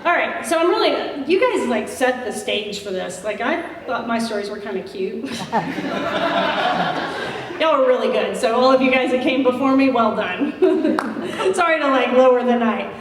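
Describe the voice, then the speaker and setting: High-voiced woman roasting in an echoey hall. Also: expressive, moderate pace, a loud crowd. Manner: chatty, self-deprecating, laughing. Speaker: roast speaker. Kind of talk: roast speech, anecdotes. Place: large event hall. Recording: echoey hall recorded from far off.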